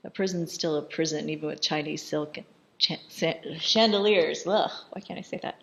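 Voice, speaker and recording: A woman with a low voice talks through a film in casual commentary, recapping each scene in a chatty, amused way. She quotes the dialogue loosely and laughs often as she goes. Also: moderate pace, vocal fry, fairly bright tone.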